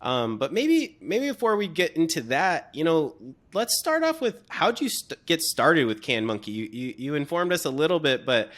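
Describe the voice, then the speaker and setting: A man's voice: a little high, big pitch swings, normal speed, fairly bright tone. A man hosting an interview podcast, asking questions casually and repeating words as he searches for his phrasing. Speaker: podcast host.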